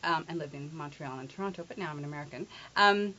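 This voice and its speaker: Playful woman accent coach, low voice. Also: a little fast, a bit bright. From England. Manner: playful, demonstrative, teasing. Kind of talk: interview, explaining with spoken examples. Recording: dull lo-fi recording.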